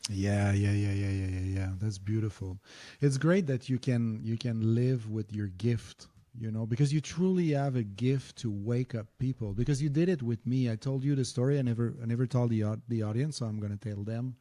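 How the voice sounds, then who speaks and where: A man with a relaxed, dark-toned voice sits in as a podcast guest. He talks in a lively, unfiltered way, often repeating himself mid-thought and dropping a few swear words. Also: medium pitch, normal speed, hardly any pauses. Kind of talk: candid conversational storytelling.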